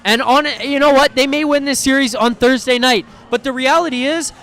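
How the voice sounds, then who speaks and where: A man with a strikingly high voice hosts a live post-game reaction stream. He rants hard and swears freely, sounding exasperated, and keeps stumbling into restarts as his frustration boils over. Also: fairly quick, fairly bright tone. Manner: heated, profane and exasperated, with repeated stammering restarts.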